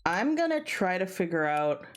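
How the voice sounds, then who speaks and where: A woman's voice: fairly low pitch, moderate pace. Tired, rambling woman streamer at home. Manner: rambling, tired, bursts of excited yelling. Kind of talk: casual gaming stream chat.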